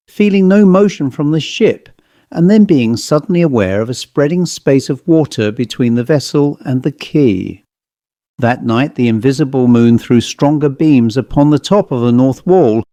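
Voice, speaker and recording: A man reading a ghost story aloud in a steady, measured way, close to the mic. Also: medium pitch, dry recording. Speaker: audiobook narrator. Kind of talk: scripted ghost story narration.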